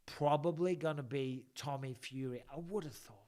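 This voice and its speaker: A man's voice: medium pitch, moderate pace, a little mellow. A middle-aged English man hosting a casual live chat, rambling through stories and swearing freely. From England. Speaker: podcast host.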